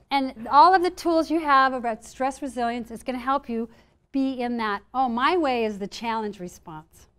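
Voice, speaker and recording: A woman speaker giving a live presentation on stress resilience to a room of listeners, playful and lively, acting out inner voices. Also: fairly high pitch.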